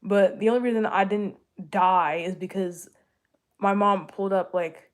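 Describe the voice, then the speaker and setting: A young woman chats with viewers in a loose, rambling way. She keeps correcting herself mid-sentence and jokes as she goes. Her voice sits at an ordinary middle pitch. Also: moderate pace. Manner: rambling, self-correcting, jokey, with laughs. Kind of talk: casual chat answering viewers.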